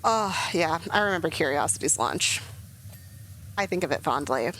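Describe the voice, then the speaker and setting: Young woman streaming a game, rambling and emotional, lots of likes and ums, bouncy low voice with a faint hum. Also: lively intonation, moderate pace, fairly bright tone, low-quality recording. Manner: rambling, emotional, many fillers. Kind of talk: casual gameplay commentary.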